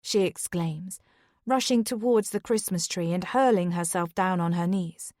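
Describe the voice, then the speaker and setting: Calm woman narrating a thriller audiobook. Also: on the low side, measured pace, no room sound, clean studio sound. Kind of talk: first-person audiobook narration.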